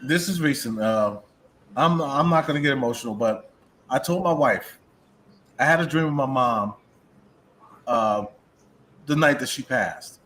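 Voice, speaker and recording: A middle-aged man co-hosting a paranormal talk show over a video call, telling a personal story in an earnest, soft-spoken way. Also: mid-range voice, lively intonation, unhurried, pauses often, a little hiss or hum. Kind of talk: casual conversation.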